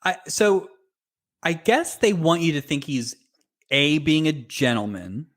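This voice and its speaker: Male podcast co-host, lively pitch, opinionated, conversational. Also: measured pace. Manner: animated, opinionated commentary. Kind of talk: casual podcast chat.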